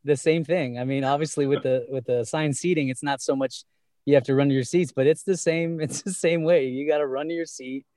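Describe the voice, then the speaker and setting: A man's voice: medium pitch, steady tone, brisk, mellow, no echo. A man talking casually as a fan guest, rambling with many fillers and restarts. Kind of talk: casual conversation.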